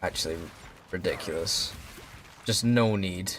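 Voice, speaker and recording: A man's voice: low voice, unhurried, fairly bright tone. Ranting young man streaming a game. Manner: swears often, ranting. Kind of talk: casual gameplay commentary. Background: faint background music.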